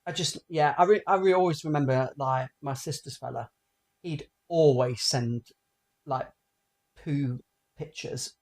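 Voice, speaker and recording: A man's voice: on the high side, measured pace. A man in his forties co-hosting a casual comedy podcast, telling crude jokes and stories and acting out the voices of the people in them. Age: 40s. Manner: animated storyteller, acting out quoted voices; crude, joking. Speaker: podcast co-host.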